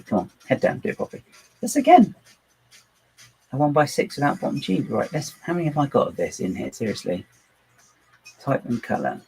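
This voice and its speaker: The host of this home livestream builds models on his computer, rambling in a self-deprecating way and talking to himself and his dog. He has a mid-range, slightly mellow voice, very animated and fairly quick, with long pauses. A little hiss or hum runs through the low-quality recording.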